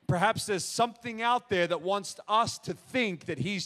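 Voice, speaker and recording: A man preaches in a church auditorium, his voice sitting high for a man. He talks straight to the crowd with earnest conviction and pushes into emphatic questions. His words ring out with a long reverberant tail. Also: animated, normal speed, few pauses, a bit bright. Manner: earnest, direct address to audience, builds to emphatic questions. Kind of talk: sermon.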